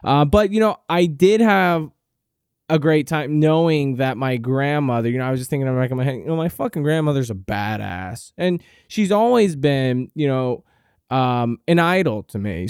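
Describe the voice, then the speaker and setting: A man hosting a podcast, telling a comic story in a profane, rambling monologue with deadpan exaggeration. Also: mid-range voice, smooth, no room sound, clean studio sound. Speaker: podcast host.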